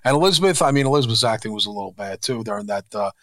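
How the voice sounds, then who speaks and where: A man's voice: on the low side, expressive, very fast, a bit bright, no echo. A man co-hosting a podcast, ranting bluntly and profanely in casual chat. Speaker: co-host.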